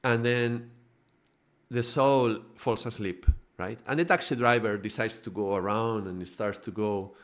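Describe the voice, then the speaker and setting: A man's voice: on the low side, steady tone, a little slow, fairly bright tone. Chatty man teaching with tag questions. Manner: conversational, restarts, frequent tag questions. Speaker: spiritual teacher. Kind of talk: informal spiritual lesson.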